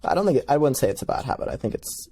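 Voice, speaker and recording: A man's voice: mid-range voice, big pitch swings, rapid-fire, mellow, breathy edge. A man hosting a casual interview, easygoing and reflective, thinking aloud. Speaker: interview host.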